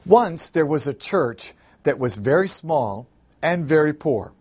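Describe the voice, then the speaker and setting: A man, a pastor hosting his show, preaching a sermon and telling a story in an animated, folksy way. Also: a little high, measured pace, slightly rough, faint music behind. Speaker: pastor and host.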